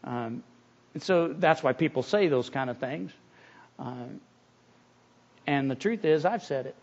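A pastor preaches in an earnest, conversational way, often restarting his phrases. His voice sits fairly high for a man. The recording sounds dull and lo-fi. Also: lively intonation, measured pace. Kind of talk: sermon.

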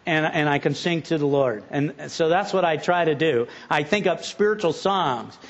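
Middle-aged male pastor, high voice, folksy sermon with repeated starts, muffled recording. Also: normal speed. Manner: folksy, repeats words when starting sentences.

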